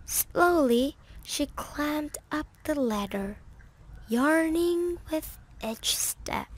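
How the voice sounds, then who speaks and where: Woman reading kids' story, high voice, very slow. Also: expressive. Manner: very slow, careful delivery.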